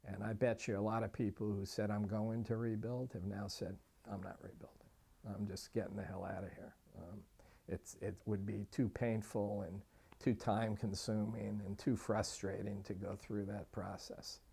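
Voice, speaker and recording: A man's voice: lowish voice, flat delivery, normal speed, gravelly, mellow, slightly rough. A man who lost his home in a fire, speaking wearily and matter-of-factly about his property. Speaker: fire survivor interviewee. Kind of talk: reflective personal account.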